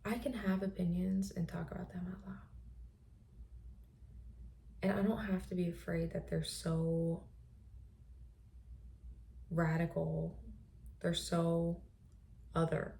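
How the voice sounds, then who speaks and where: Slow, gravelly, soft-spoken woman. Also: on the low side, flat delivery. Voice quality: soft, often drifting into a breathy whisper. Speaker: podcast host. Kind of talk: reflective personal monologue.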